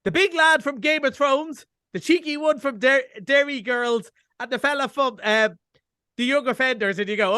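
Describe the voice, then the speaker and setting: A middle-aged Irish man with an extremely high-pitched, pushed and bright voice reviews films on a radio show over a video call, speaking at a moderate pace. The sound is clean studio audio with no room sound. His casual chat is chatty, wry and self-mocking.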